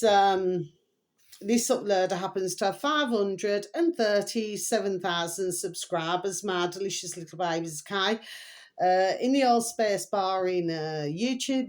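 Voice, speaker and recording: A woman's voice: medium pitch, a little slow, a little mellow. A middle-aged woman rambling in a casual, emotional monologue to her viewers, full of repeated pet phrases. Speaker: vlogger.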